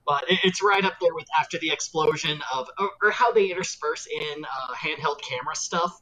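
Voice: medium pitch, fairly quick, sharp tone, low-quality recording. A podcast co-host chatting casually about a film, enthusiastic and acting out favorite lines. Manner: enthusiastic, acts out quotes.

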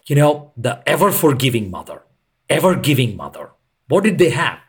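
A man who leads retreats, speaking as a podcast guest in an earnest, reflective way and pausing to stress his points. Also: medium pitch, big pitch swings, slightly rough. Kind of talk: reflective conversational explanation.

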